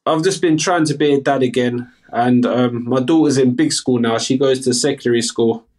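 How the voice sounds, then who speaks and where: A man's voice: mid-range voice, moderate pace, a little mellow. A man in his thirties with a South London accent, a guest speaking candidly and earnestly in a casual interview.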